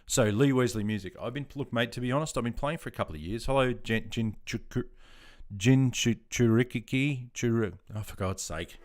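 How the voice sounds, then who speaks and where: A man in his fifties with an Australian accent, hosting a livestream and chatting casually with viewers. He is relaxed and self-deprecating, and he keeps calling people mate. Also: mid-range voice, fairly quick. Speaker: livestream host. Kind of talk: casual livestream chat answering viewer comments.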